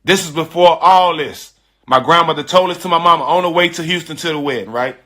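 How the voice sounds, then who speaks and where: A middle-aged man telling a personal story in casual, animated talk, emotional and profane. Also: fairly high pitch, a little fast. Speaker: storyteller guest.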